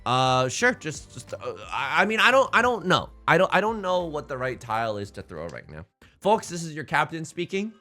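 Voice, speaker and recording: A male let's-play host with a mid-range voice that swings widely in pitch, climbing high when he gets worked up. He talks in a tired, melodramatic, self-mocking way and stumbles over repeated words. Faint game music plays under his voice. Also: very animated, normal speed, few pauses, bright, forceful tone. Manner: self-deprecating, melodramatic, stammering restarts. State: tired from little sleep. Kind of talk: casual gameplay commentary.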